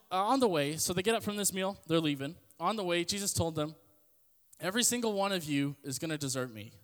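A man's voice: fairly bright tone, big-room sound. A man giving a casual sermon on a podcast, talking conversationally and acting out quotes in changing voices. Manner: conversational, acts out quotes with shifting pitch. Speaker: podcast host preaching.

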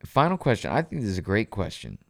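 Brief: male podcast host, low voice with wide swings, profane, laughs a lot. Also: wildly swooping pitch, fast talker, vocal fry. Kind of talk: casual podcast chat.

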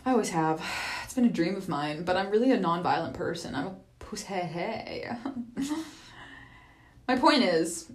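A woman's voice: on the low side, animated, moderate pace, pauses often. A woman hosting a podcast in a casual monologue, chatty and profane, laughing often between thoughts. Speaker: podcast host.

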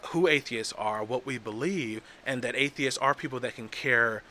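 A man's voice: mid-range voice, normal speed, bright, forceful tone, a little hiss or hum. A man from Texas talking casually and earnestly as a podcast guest, with frequent restarts.

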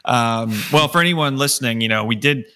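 A man's voice: mid-range voice, a little fast, pushed and bright, smooth. A man hosting a casual podcast, chatty and joking, with lots of fillers and restarts. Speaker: podcast host.

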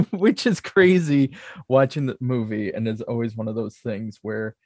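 A man's voice: medium pitch, measured pace, a little mellow, no room sound, clean studio sound. A man co-hosting a podcast, recapping a movie plot casually and laughing often. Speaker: podcast co-host. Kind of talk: casual film discussion.

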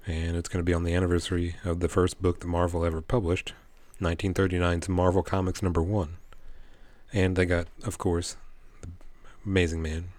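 A man's voice: low-pitched, little pitch movement, a little fast, darkish tone, dry recording. A man co-hosting a podcast in laid-back casual chat, dry and teasing. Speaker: podcast co-host.

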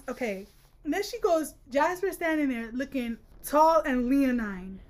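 Animated high-voiced woman podcast host. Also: moderate pace. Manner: animated, reads quotes aloud and riffs with exasperated jokes. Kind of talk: casual book-club chat.

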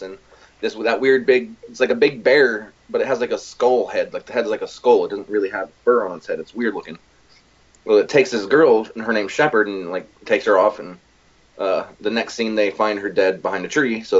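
A man with a low, husky voice talks loosely and excitedly, piling on fillers and swear words as he recounts things. The recording is a bit dull and lo-fi, like a home podcast setup. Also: brisk. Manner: rambling, profane, animated retelling. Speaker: podcast co-host. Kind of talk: casual chat.

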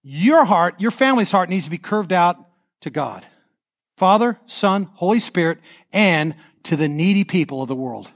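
A male pastor delivers a sermon to his congregation with a notably high voice. He preaches animatedly, slipping into quoted voices and asking the room to repeat phrases back. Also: animated, moderate pace. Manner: leads the congregation in call-and-response. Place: church sanctuary.

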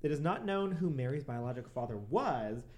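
A man's voice: mid-range voice, lively intonation, a little fast, a little mellow. A man co-hosting a podcast, reading out a true crime story with joking asides and frequent laughs. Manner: laughs often, joking asides between read facts. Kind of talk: casual podcast chat, reading case notes.

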